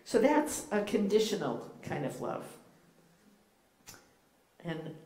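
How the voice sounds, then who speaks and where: Her voice sits low with a darkish tone and a sing-song lilt, and she takes it slowly, leaving long pauses. She's a Boston-accented guest rabbi delivering a playful, teacherly, informal sermon to a congregation, with frequent ums and uhs. The church sanctuary is echoey, with faint background noise.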